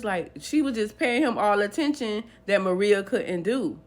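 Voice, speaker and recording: A woman's voice: medium pitch, lively intonation, moderate pace. A woman retelling a dramatic true story in a casual storytime way, animatedly acting out the people's lines.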